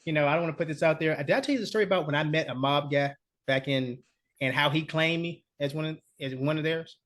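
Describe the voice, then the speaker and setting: A man's voice: on the high side, quick pace, a bit bright. A man co-hosting a podcast, telling a story in casual, profane chat and laughing often. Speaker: podcast co-host.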